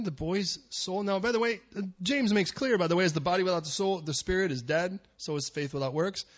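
Middle-aged pastor guy preaching, kinda high husky voice, lo-fi muffled sound. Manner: storytelling, rising to emphatic near-shouting peaks. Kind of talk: sermon.

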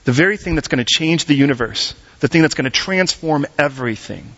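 A man preaching a sermon in a church, animated and asking the congregation direct questions. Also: fairly high pitch, a little fast. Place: church service. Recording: dull lo-fi recording.

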